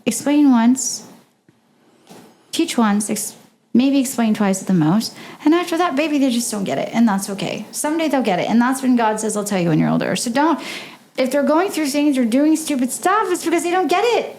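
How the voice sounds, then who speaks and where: A woman's voice: high voice, lively intonation, moderate pace, darkish tone, slight background noise. A woman guest on a podcast giving impassioned advice, emphatic and full of rhetorical questions.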